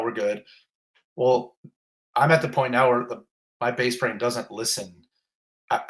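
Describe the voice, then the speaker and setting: A middle-aged man tells a story with a bright, forceful tone. He is a fire captain guest in a casual interview, lively and self-mocking, acting out the voices of people in his story. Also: on the low side.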